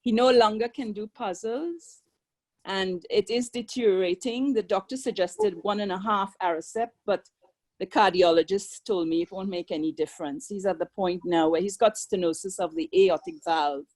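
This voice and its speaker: Older aussie lady talking earnestly over a video call, about caring for someone, mid pitch. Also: normal speed, a little mellow, low-quality recording. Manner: earnest, conversational. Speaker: caregiver guest. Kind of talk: sharing personal experience on a webinar.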